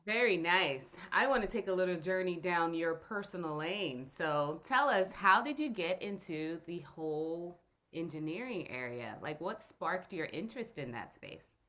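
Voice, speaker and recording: A woman's voice: fairly low pitch, animated, unhurried, fairly bright tone. A woman hosting an interview show, upbeat and enthusiastic as she introduces and questions her guest. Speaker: show host.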